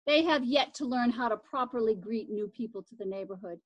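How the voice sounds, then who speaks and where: A woman's voice: fairly high pitch, a little fast, husky, no room sound, muffled recording. A woman voicing a polite, earnest neighbor boy. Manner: courteous and a little formal. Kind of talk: reading a children's chapter book aloud.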